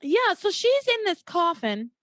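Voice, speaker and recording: A young woman hosting a podcast, casually retelling soap opera scenes and acting out the characters' lines in a high, dramatic voice. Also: measured pace, no echo, studio quality. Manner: animated storytelling, acts out quotes in a high dramatic voice. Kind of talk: casual chat.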